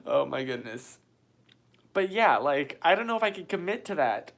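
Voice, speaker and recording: A man's voice: high voice, wildly swooping pitch, measured pace, vocal fry, fairly bright tone. A man hosting a casual live stream from a small white-walled room, chatty and self-mocking, reading viewer comments aloud into a phone.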